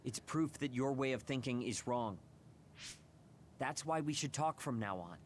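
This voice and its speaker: A man's voice: mid-range voice, animated, measured pace, a little hiss or hum, natural voice. An actor voicing a blunt, hot-headed young man who confronts his leader in a video game. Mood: confrontational. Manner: brash, confrontational.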